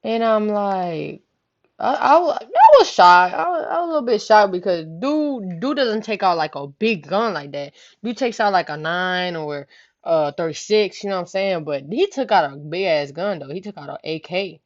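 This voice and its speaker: A woman's voice: lowish voice, normal speed. Young woman telling a wild story, lo-fi. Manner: animated, profane, slangy retelling. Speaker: vlogger. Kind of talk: casual storytelling. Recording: dull lo-fi recording.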